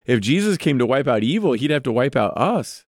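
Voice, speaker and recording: A man's voice: medium pitch, big pitch swings, brisk, dry recording, clean studio sound. A man hosting a podcast, giving earnest devotional Bible teaching and putting direct questions to his listeners.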